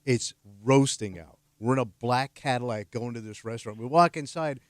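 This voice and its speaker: A man's voice: mid-range voice, moderate pace, no room sound. Blunt storytelling man on radio. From New Jersey. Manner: animated storyteller, blunt jokes. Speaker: radio co-host. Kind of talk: casual radio banter. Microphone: studio microphone. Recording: dry studio sound.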